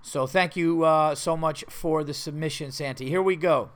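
A man's voice: on the high side, moderate pace. A male podcast host and stand-up comedian in casual chat, reading listener letters aloud and reacting bluntly with heated, profane exasperation. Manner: loose and rambling, full of fillers and restarts.

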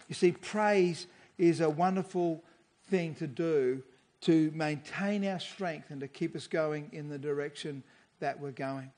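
Male guest preacher, high voice, earnest conversational sermon with scripture readings. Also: a little slow.

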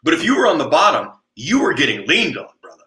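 Bright, blunt, foul-mouthed man in an echoey room. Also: fairly high pitch, big pitch swings, quick pace. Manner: blunt, profane, emphatic, stammers on restarts. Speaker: jiu-jitsu coach. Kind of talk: storytelling in casual podcast chat.

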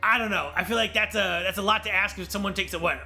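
High, very bright-voiced podcast host. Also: male voice, steady tone, quick pace, gravelly, faint music behind. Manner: opinionated, leads the talk with questions. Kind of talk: casual chat.

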